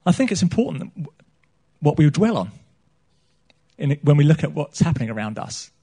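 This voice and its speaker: High-voiced male preacher, chatty and joking. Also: sing-song, brisk, mellow, breathy edge. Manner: conversational and joking, polls the congregation with questions. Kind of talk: sermon. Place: small church stage before a congregation.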